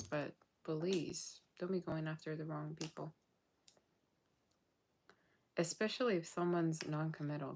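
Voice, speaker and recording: A woman with a low, gravelly voice gives a casual tarot reading to her viewers. She is blunt and sassy and sounds tired late at night. A faint hiss sits under the recording. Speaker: tarot reader.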